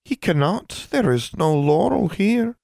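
A man's voice: big pitch swings, unhurried, vocal fry, a little mellow, no echo, full character voice. A man voicing a small wrinkled male elf who speaks in a stiff, formal, disapproving way. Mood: prim, stiff. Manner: formal, stiff, high-pitched speech. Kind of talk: audiobook character voice.

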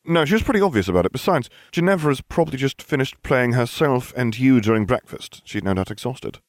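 A man's voice: medium pitch, animated, brisk, dry recording, voice pushed up, lightly acted. A man playing a sarcastic teen boy wizard. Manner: dry, teasing sarcasm. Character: sarcastic teenage boy wizard, dry and deadpan.

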